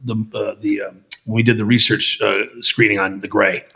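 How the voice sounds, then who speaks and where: A film director talking casually as a podcast guest, swearing freely and acting out other people's lines with emphasis. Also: male voice, on the low side, level tone, normal speed, creaky, sharp tone, breathy edge. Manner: profane, emphatic storyteller acting out quotes. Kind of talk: casual conversation.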